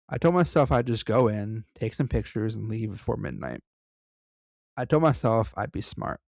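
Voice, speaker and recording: Podcast co-host, male, gravelly reader who drops in profane banter; dry close mic. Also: on the low side, big pitch swings, normal speed, a little mellow, no echo. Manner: profane, joking asides between read passages. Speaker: podcast co-host reading a story. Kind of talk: casual story reading with banter.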